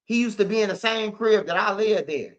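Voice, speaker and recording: A man's voice: sits high, a little fast. A man, hosting a street news channel, retelling a story in a loose, slangy, profane, emphatic way. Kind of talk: casual storytelling monologue. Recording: dull lo-fi audio.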